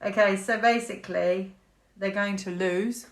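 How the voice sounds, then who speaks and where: This tarot reader from the UK speaks at a medium pitch with fairly even intonation, taking her time. Rambling and half-laughing, she thinks out loud while doing a casual reading to camera, and the room has an echo.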